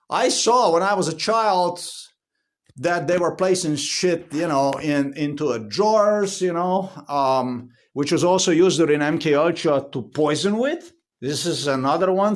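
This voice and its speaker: Man, agitated and profane, voice a bit high, vlog rant at home. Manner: agitated, profane, repeats himself. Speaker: vlogger. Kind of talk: angry filmed rant. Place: inside his house.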